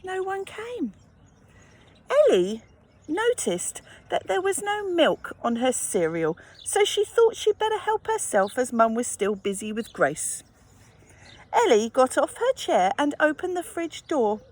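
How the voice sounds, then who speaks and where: A woman reading a children's picture book aloud, gently expressive and adding sympathetic asides. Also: sits high, a little slow. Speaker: storyteller.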